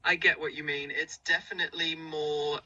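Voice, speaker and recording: A synthetic woman's voice with a standard modern British accent, pitched very low yet bright. She is upbeat and reassuring in the smooth manner of an assistant. She plays from a distant speaker with faint noise. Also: level tone, moderate pace, lo-fi sound. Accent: standard modern British English.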